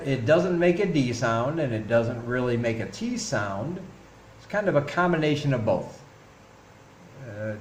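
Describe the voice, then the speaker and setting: A man vlogging casually, teaching travel phrases slowly and deliberately, repeating each one several times. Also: medium pitch. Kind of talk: casual instructional vlog. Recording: echoey room with faint traffic noise.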